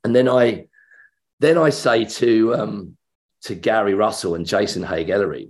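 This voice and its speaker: A middle-aged English actor, speaking at a moderate pace in a fairly low voice, tells an anecdote during an interview, animatedly acting out the voices of the people in it.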